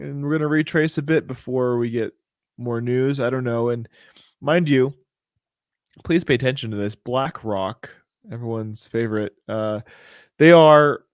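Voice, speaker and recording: A man of medium pitch hosts a relaxed market show and talks loosely through what he sees on the charts. He rambles, restarts his sentences and leans on fillers. The sound is dry and close, with no room around it. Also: dry recording. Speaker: crypto show host. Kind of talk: casual live chart commentary.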